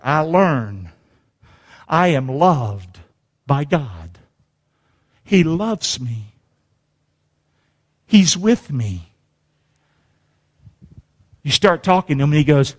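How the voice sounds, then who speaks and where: A male pastor preaching a sermon, calling on the congregation to repeat after him and swinging between hushed words and shouts. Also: high-pitched. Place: church sanctuary. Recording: long hall reverb.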